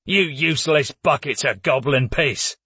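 A stubborn old warrior, put on by a male storyteller, grumbles and curses in a husky, mid-pitched voice. He is coarse and gruff but humble underneath. The read is dry and close, straight from an audiobook. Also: measured pace, sharp tone, no echo.

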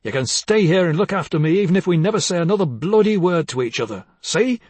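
Man voicing a bitter, bullying husband, husky, slightly high, for a dramatic audiobook. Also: lively intonation, fast talker, no echo. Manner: bitter, accusing, swings from hushed to harsh. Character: bitter, jealous older husband, bullying and weary.

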